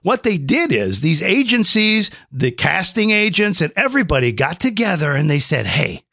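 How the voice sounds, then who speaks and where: A man's voice: high-pitched, very animated, normal speed, pushed and bright, no room sound, studio quality. A middle-aged man, a veteran advertising voice actor, talking emphatically as a guest, with frequent restarts. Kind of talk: opinionated conversation.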